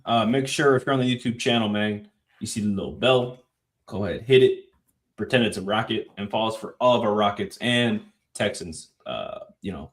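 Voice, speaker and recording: A laid-back male podcast co-host with a fairly low voice. He chats casually in slang and leans on drawn-out fillers as he talks. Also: a bit bright. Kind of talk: casual sports chat.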